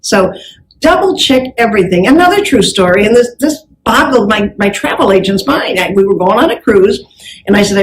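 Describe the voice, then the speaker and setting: An older woman speaking on stage, telling lively stories that act out the dialogue. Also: medium pitch, fairly quick, a little hiss or hum, poor audio. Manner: animated storyteller acting out dialogue. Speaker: keynote speaker on customer service. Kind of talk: live speech with anecdotes. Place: event stage with audience.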